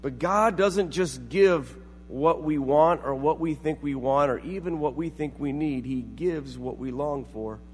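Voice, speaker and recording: High-voiced man preaching in a reverberant hall. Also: measured pace, faint music behind. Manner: storytelling with acted-out quotes. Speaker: pastor. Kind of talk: sermon.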